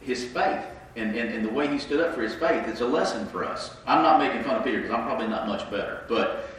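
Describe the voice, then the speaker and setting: A man's voice: medium pitch, quick pace, a bit bright, a little hiss or hum. A man preaching an interactive sermon, conversational and questioning the congregation, with a congested voice from his sinuses. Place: church sanctuary. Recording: echoey room mic from a distance.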